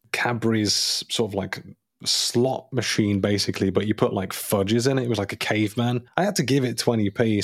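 Low-voiced man, rambling jokes. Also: no room sound, clean studio sound. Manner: rambling, self-mocking jokey asides. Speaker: podcast co-host. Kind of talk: casual podcast chat.

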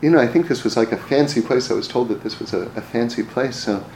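A man with a medium-pitched, darkish voice talks quickly, with a little hiss or hum in the audio. He tells personal stories in a casual, rambling way, often restarting his words and chuckling. The recording has a roomy echo and faint ambience.

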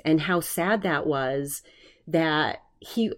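A woman's voice: lowish voice, measured pace, darkish tone. A woman hosting a solo podcast, talking earnestly and rambling with many restarts, emotional while recovering from covid. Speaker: podcast host.

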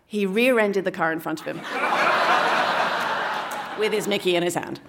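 A woman telling a candid personal story on stage in a playful way, dropping into hushed asides. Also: fairly low pitch, slow pace, long pauses, a little hiss or hum. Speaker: story slam finalist.

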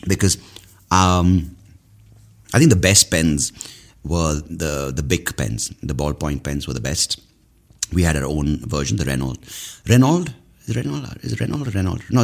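Very deep-voiced rambling man. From India. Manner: rambling, swears freely, self-mocking. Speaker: podcast host. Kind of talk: casual monologue.

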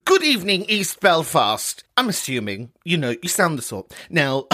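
A woman hosting a podcast, ranting with sweary, theatrical mock grandeur. Her pitch leaps up and down all the time. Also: huge pitch swings, brisk, hardly any pauses, a bit bright. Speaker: podcast host. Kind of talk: casual comedic rant.

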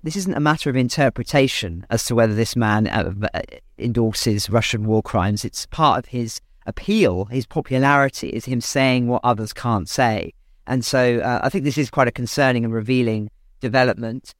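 A man's voice: mid-range voice, moderate pace, dry recording, studio quality. A man co-presenting a news podcast, giving analysis with frequent fillers and self-corrections.

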